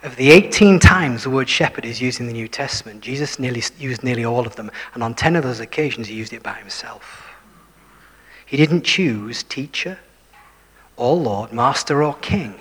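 A man preaching a sermon, dropping to hushed whispers for emphasis and putting questions to his listeners. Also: mid-range voice, moderate pace. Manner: shifts between full voice and hushed whispers for emphasis; self-deprecating, asks the listeners questions. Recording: long hall reverb.

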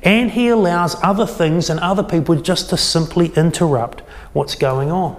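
A man preaching a sermon, retelling a scripture story with lively acted-out quotes. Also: fairly high pitch, normal speed, big-room sound. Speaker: pastor.

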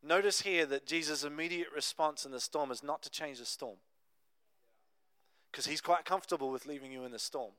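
A young adult man preaching a sermon, telling a Bible story in a conversational, animated way with casual asides. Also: fairly high pitch, a little fast, clear, resonant tone, dry recording. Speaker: pastor.

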